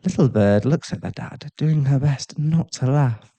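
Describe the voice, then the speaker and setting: A man narrating an audio role-play story in a calm, even way. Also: mid-range voice, measured pace, gravelly.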